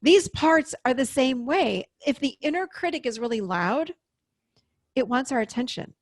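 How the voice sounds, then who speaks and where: A woman in her fifties, a therapist, explaining in an animated way during an interview. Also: high voice, normal speed, dry recording, clean studio sound. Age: 50s. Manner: animated, explaining with acted-out inner voices. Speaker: therapist and podcast guest. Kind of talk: interview conversation.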